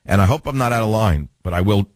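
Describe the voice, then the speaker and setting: A man's voice: lowish voice, lively intonation, fast talker, no room sound. An older man hosting a talk radio show, delivering an opinionated, combative monologue with rhetorical questions. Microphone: studio mic.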